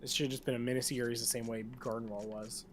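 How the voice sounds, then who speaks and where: A man chatting casually on his game stream, his voice sitting at an ordinary middle pitch. He rambles from one tangent to the next and swears without a second thought. A faint hiss of noise sits under his voice. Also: little pitch movement, fast talker.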